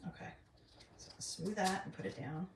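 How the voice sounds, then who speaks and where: A woman's voice: on the low side, expressive, moderate pace. A middle-aged woman chatting casually while she works on a craft, rambling with lots of ums. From North Carolina, US. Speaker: craft vlogger. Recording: roomy, distant, faint noise.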